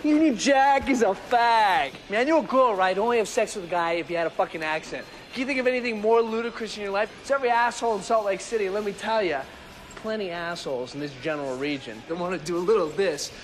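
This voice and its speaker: A man's voice: sits high, fast talker, a bit bright, a little hiss or hum. An actor playing a cynical young male punk with an American accent, delivering a profane, sarcastic film monologue to camera. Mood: ranting. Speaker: punk narrator.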